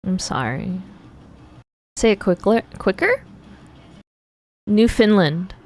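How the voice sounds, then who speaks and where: A woman's voice: mid-range voice, sing-song, slow pace. An American woman streaming, chatting casually with viewers, curious and playful, often laughing. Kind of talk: casual chat with viewers while drawing.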